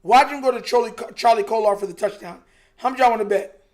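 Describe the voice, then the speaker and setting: High-voiced young man venting on stream. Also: quick pace. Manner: frustrated, emphatic, repeats himself, says "bro" a lot. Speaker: live-stream host reacting to a football game. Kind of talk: casual live reaction chat.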